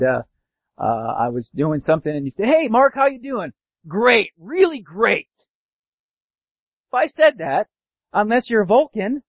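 A pastor preaching a sermon, animated, sometimes acting out sarcastic voices. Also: male voice, a little high, no room sound. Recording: dull dry lo-fi sound.

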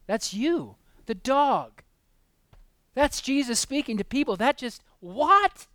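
A male preacher with a high, smooth, resonant voice delivers a fervent sermon. He keeps asking his congregation questions and acts out the people in his story. His voice swings from loud, emphatic peaks to hushed asides, recorded dry and close. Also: expressive, a little slow, no echo. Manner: impassioned, rising to loud emphatic peaks and dropping to quiet asides; asks the listeners many rhetorical questions.

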